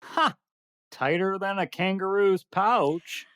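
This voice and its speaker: A woman's voice: low-pitched, very animated, takes it slowly, no echo, clean studio sound, full character voice. A woman playing an eager podcast co-host who hams up a clumsy put-on Australian accent and stumbles over words in a comedic audio drama. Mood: boastful.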